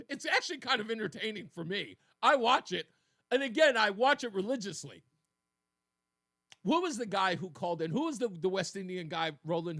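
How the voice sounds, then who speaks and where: A man hosting a political talk radio show, talking in an animated, mocking way and laughing often. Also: high-pitched. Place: radio studio.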